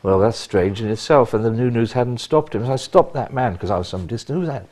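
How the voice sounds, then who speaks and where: An older man, a retired police officer, telling animated stories in an interview with bursts of emphasis. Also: medium pitch, fairly quick. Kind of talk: anecdotal interview.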